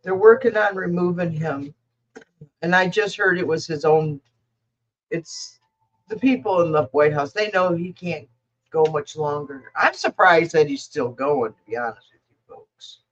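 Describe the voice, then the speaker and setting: A woman's voice: low voice, unhurried, muffled recording. A woman reading tarot cards for viewers in a casual livestream, rambling, blunt and emotional as she talks to the chat. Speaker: tarot reader answering viewer questions.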